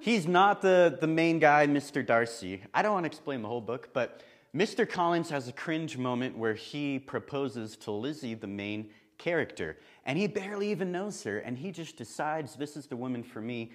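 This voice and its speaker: A man preaching a sermon in church, chatty and lively, with laughing asides. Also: fairly high pitch, moderate pace.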